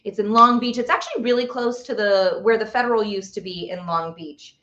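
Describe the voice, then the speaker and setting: A woman's voice: mid-range voice, fairly quick, a bit bright, roomy sound, highs cut off. A woman hosting a casual live stream, chatting with viewers and reading out their comments. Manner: chatty, reads out viewer comments, stumbles over long words. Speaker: livestream host.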